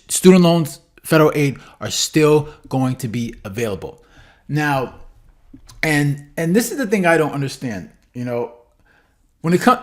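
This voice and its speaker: A man at a middle pitch talks through his opinions in a relaxed commentary video. He circles back to his points and keeps asking "right?". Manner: opinionated, repetitive, says "right?" a lot. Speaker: political commentary video host. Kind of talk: casual commentary.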